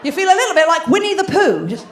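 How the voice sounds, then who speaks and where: A woman's voice: extremely high pitch, very animated, fast talker, echoey room, slight background noise. A British woman performing a stand-up comedy routine on a theatre stage, chatty and conspiratorial with the crowd. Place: theatre stage before an audience.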